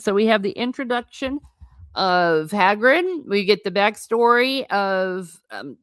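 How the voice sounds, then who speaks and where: A woman's voice: mid-range voice, fairly bright tone, no room sound, studio quality. A woman hosting a book channel, reading passages aloud and giving frank, opinionated commentary, often stumbling over words.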